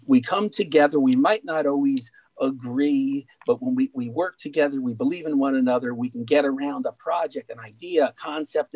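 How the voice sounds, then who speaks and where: An event host tells a joke and introduces a speaker, rambling along with plenty of fillers and restarts. He has a medium-pitched, slightly mellow voice, and the recording sounds dull and dry.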